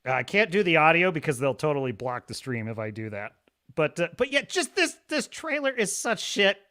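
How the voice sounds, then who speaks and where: A man hosting a live stream, ranting through animated, profane commentary. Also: fairly high pitch, moderate pace. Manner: animated, swearing, exclaiming. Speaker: host of a live show.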